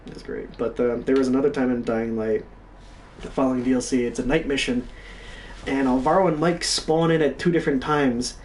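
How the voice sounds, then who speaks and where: A young man telling gaming stories in a casual, profane, animated way. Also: medium pitch, a little fast, far from the mic, slight background noise. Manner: profane, animated, reenacts his own yelling. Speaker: stream co-host. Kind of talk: casual storytelling.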